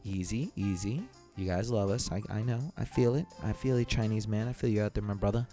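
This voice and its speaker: A man's voice: fairly low pitch, steady tone, a little fast, mellow, faint music behind. A man hosting a casual podcast clip show, talking in a loose, rambling way. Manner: loose, rambling, pleading asides. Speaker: podcast host.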